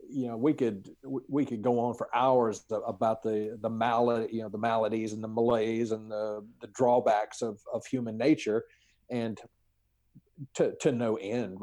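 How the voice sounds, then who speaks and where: A man with a warm, dark voice talks as a podcast guest. He speaks in a measured way, pausing on fillers as he picks each word with care. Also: mid-range voice. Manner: measured, hesitant, many fillers, word-searching. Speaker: podcast guest, spiritual teacher. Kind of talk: casual conversation.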